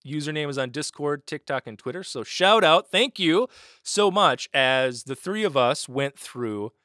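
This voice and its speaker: A man running a tabletop role-playing game, narrating in a relaxed way with many fillers. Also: a little high, measured pace, no echo, clean studio sound. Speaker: game master.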